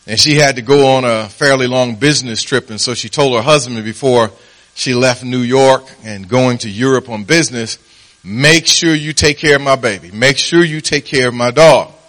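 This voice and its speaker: A man's voice: moderate pace, fairly bright tone. A man preaching as pastor, telling a story and acting out its voices. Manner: storytelling, acts out voices with rising pitch. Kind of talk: sermon with a told joke.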